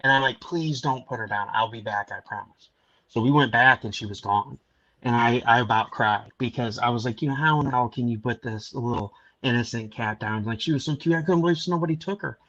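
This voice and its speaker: A man's voice: medium pitch, brisk, a bit bright, no echo, dull audio. A man hosting a podcast in casual chat, a rambling storyteller with many restarts, talking from home. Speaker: podcast host.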